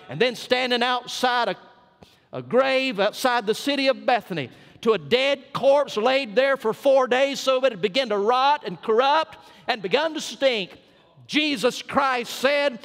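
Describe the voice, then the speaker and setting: High-voiced Southern preacher in echoing church. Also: male voice, a bit bright. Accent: South Georgia Southern US. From South Georgia, US. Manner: folksy, emphatic preaching with drawn-out punch lines. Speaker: senior pastor. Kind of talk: sermon. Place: church sanctuary. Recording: long church reverb.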